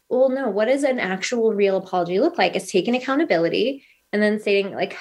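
A woman's voice: mid-range voice, fairly quick. Earnest woman telling a parenting story. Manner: earnest, animated storytelling with quoted dialogue. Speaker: guest. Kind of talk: casual podcast conversation.

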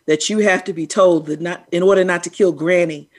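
Casting: middle-aged woman co-host, lower-pitched, animated and teasing, laughing often. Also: fairly quick. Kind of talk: casual chat.

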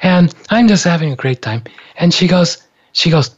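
Husky older man telling a story. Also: fairly high pitch, normal speed. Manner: laughing, animated, acts out quoted voices. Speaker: storyteller recounting his heart attack. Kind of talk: casual spoken storytelling. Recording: dull lo-fi recording.

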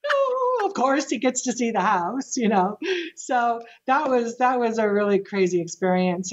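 Woman, real estate guest, lively anecdotal teller, laughs a lot; muffled lo-fi track. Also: mid-range voice. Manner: animated, with laughs and restarts. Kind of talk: casual storytelling interview. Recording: dull lo-fi sound.

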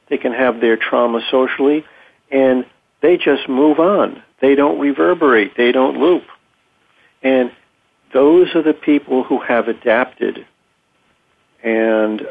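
A man calmly explaining his clinical work in a thoughtful, measured way, pausing often with ums. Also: mid-range voice. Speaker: interview guest, clinician. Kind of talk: conversational explanation. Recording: tinny phone-like audio.

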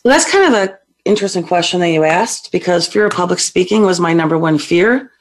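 A woman's voice: on the low side, lively intonation, brisk. Hyper, chatty woman psychic guest. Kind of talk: casual talk show interview.

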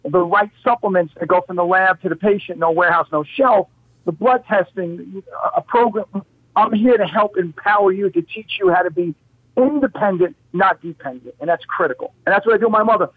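A man with a high voice talks emphatically, tossing out rhetorical questions as he tells his story. The sound is dry and tinny, like a phone line. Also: fairly quick, slightly rough, dry recording. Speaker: guest, health practitioner. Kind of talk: animated storytelling on a talk show.

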